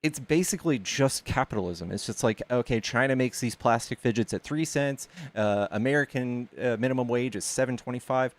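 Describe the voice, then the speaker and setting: A mid-pitched man hosting a casual online debate. He lays out his arguments step by step, pushing back steadily, with a loose, filler-heavy way of talking. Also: fairly quick, hardly any pauses. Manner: reasoned, argumentative, many filler likes. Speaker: debate stream host.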